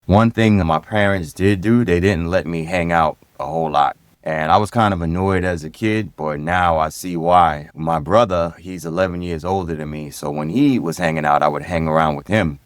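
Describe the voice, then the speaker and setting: A middle-aged man from Brooklyn with a New York accent, a guest telling relaxed stories about his upbringing in an interview. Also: low voice, normal speed, hardly any pauses, smooth, no room sound. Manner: easygoing, reflective, repeats phrases. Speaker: guest, retired police lieutenant and DJ. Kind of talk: casual interview storytelling.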